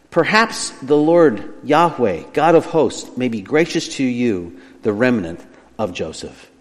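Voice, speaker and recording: A male preacher delivering a sermon in a mid-pitched voice that swings widely in tone. He presses hard on some phrases and sinks to a quiet, slow hush on others. His voice carries a long reverb, as if in a large hall. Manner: lively, emphatic preaching that drops soft on key phrases.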